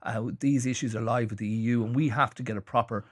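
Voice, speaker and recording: A man with an Irish accent discussing news as a radio panelist, speaking haltingly with frequent restarts and fillers. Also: medium pitch, fairly even intonation, breathy edge, no echo. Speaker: journalist panelist. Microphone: studio microphone.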